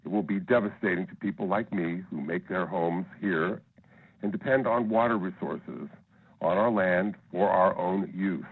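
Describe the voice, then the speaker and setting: A man's voice: low voice, normal speed, breathy edge. A man phoning in a firm, insistent statement of strong opposition as public comment. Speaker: caller giving public comment. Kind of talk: read prepared statement. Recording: tinny phone line.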